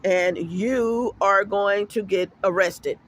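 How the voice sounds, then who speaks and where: A man's voice: high-pitched, slow, a bit bright. A middle-aged man vlogging outdoors at an apartment complex, telling a rambling, emphatic story full of cursing. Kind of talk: casual vlog rant.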